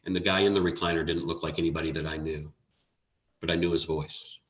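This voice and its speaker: Deep-voiced man telling an inspirational story. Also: little pitch movement. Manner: earnest, dramatic pauses, builds to emphasis. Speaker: motivational speaker. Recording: echoey room.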